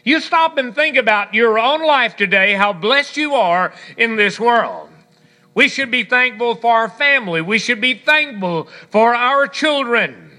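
Bright high-voiced preacher, folksy sermon. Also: male voice, animated, a little slow. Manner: folksy storytelling with humor, reading scripture and a poem. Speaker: pastor.

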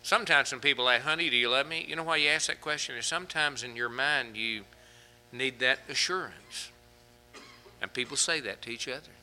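A man preaching a sermon, asking the congregation rhetorical questions and telling humorous stories, often building to fervent, louder passages. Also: medium pitch, moderate pace. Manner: humorous anecdotes with fillers.

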